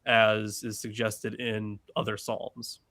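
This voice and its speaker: A man's voice: fairly low pitch, monotone, takes it slowly, sharp tone, no echo. A man hosting a podcast, casual and a bit rambling, often using fillers. His voice is recorded dry and close.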